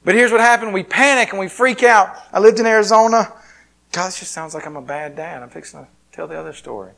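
A pastor preaches a sermon in a high, quick voice with vocal fry and a slightly bright tone. He tells a personal story in a conversational, self-deprecating way.

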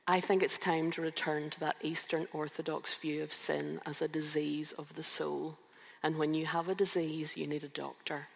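A woman in her fifties preaching a sermon, reflective and emphatic, with slow rhetorical questions. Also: deep voice, little pitch movement, vocal fry, big-room sound. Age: 50s. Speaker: preacher and youth counsellor.

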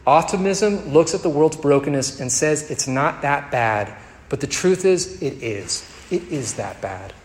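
A man's voice: on the high side, unhurried, few pauses. Man preaching in an echoey hall. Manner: dynamic preaching, dropping to soft tender tones and rising to emphatic peaks. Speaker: pastor. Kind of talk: sermon. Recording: echoey hall with faint ambience.

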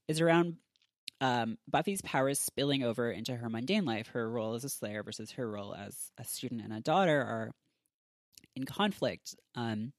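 A podcast host talks through an episode recap in a loose, chatty way, leaning on filler words as the thoughts come. The voice sits at a middling pitch, and the recording is close and dry with no room around it. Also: dry recording.

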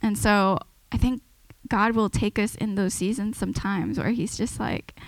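A woman's voice: mid-range voice, measured pace, fairly bright tone, no echo, low-quality recording. A woman giving an informal, earnest sermon to a church, talking conversationally and often restarting her sentences. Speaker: preacher.

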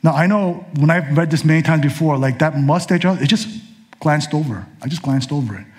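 A man's voice: fairly high pitch, a little fast, darkish tone. A male pastor delivering a sermon in a conversational way, with casual asides.

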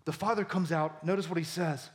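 A male pastor preaching a sermon with animated emphasis, his voice climbing for key points. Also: brisk. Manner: animated, voice rising high for emphasis.

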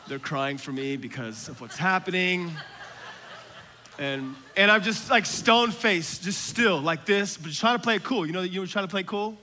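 A man preaching a sermon, moving from hushed, whispered asides to loud, shouted exhortation, with casual slang and laughter. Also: sits high, animated, normal speed, a little hiss or hum. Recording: long hall reverb from a large room.

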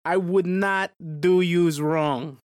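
A brash Italian mobster caricature with a put-on Italian accent who swaggers and vouches for his friends, played by a woman. The voice sits fairly low in a dry room. It is an improvised comedy skit. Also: steady tone, takes it slowly, a little mellow, no echo. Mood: swaggering. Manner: swaggering, persuasive.

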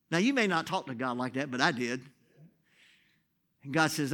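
Man pastor, bright and fairly high voice, preaching a story that rises to loud bursts then drops to near hush. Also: fairly quick. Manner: animated storytelling, swinging from loud to hushed. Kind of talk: sermon testimony.

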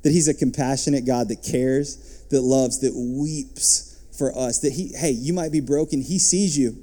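Man preaching an animated sermon, mellow tone. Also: mid-range voice. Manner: animated preaching, rising and dropping to soft asides. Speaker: pastor.

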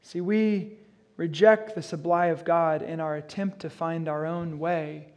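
Male pastor, high-pitched voice, laid-back preaching style with chatty asides between scripture readings. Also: steady tone, a little slow, a little mellow, dull audio. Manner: casual, conversational asides mixed with reading scripture. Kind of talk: expository sermon.

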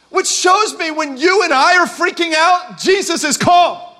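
High-voiced preaching male pastor. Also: a little slow. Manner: preaching with rising shouts and call-and-response urging. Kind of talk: sermon. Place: church service.

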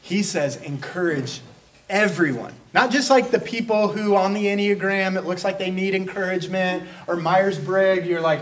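A pastor preaching a conversational sermon, breaking into quick acted asides. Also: male voice, sits high, distant mic.

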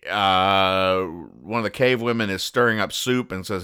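A man hosting a comedy show, reading comic strips aloud and explaining the jokes in a wry, deadpan way. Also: sits low, a little slow, smooth. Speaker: host.

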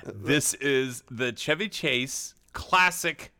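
A man's voice: mid-range voice, animated, slow, sharp tone, no room sound. A man co-hosting a podcast in casual chat, wisecracking and swearing freely as he talks. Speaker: podcast co-host.

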